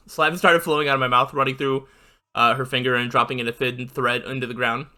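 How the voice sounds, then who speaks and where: A man's voice: mid-range voice, flat delivery, quick pace, bright, forceful tone, faint music behind. A man reading a visual novel aloud in a casual way, with fillers and side comments. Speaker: channel host reading aloud.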